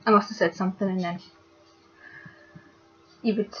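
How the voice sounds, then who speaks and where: A young woman, speaking haltingly and with many fillers as she talks upset into her camera for a vlog. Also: mid-range voice, steady tone, fairly bright tone, faint music behind. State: upset and hurt. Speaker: vlogger. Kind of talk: casual confessional vlog. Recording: dull lo-fi webcam audio.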